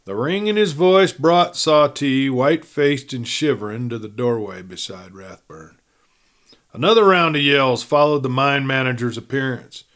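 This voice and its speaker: A man's voice: medium pitch, moderate pace, fairly bright tone. Man reading a western novel aloud. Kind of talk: audiobook-style reading aloud.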